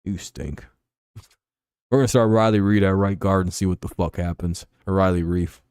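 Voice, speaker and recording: A man with a lowish, mellow voice rants through casual sports talk, swearing freely and rambling from point to point. The sound is close and dry, with no room around it. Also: fairly even intonation, a little fast, clean tone, dry recording. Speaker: sports show host. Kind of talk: casual livestream commentary.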